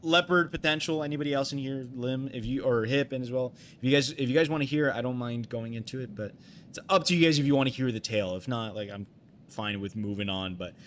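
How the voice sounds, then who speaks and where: A young man chatting on a live game stream in a voice of ordinary middle pitch. He rambles through a personal story, circling back and restarting sentences, with plenty of fillers and loose swearing. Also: fast, fairly bright tone, a little hiss or hum.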